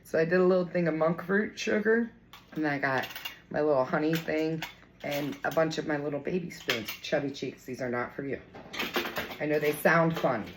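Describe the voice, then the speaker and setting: A young woman chatting casually in her home kitchen for a morning coffee vlog, playful and talkative, cooing at her cat now and then. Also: extremely low pitch. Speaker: vlogger. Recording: noisy home kitchen recording.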